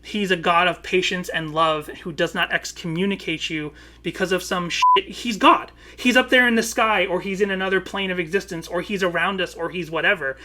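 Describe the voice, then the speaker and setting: Podcast guy going off in a long sweary rant, bright forceful voice, kinda high. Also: fairly even intonation, brisk, hardly any pauses, slight background noise. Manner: impassioned, swears freely, long explanatory monologue. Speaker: podcast co-host. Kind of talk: casual podcast chat.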